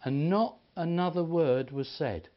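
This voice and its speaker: A man preaching, telling stories in an animated way and acting out the people he quotes. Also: on the high side, unhurried. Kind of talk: sermon storytelling. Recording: dull lo-fi recording.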